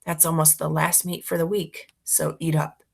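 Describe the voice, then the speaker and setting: A woman's voice: sits low, flat delivery, normal speed, vocal fry. A woman voicing a sarcastic, scolding stepmother. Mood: stern. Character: sharp-tongued stepmother, scolding.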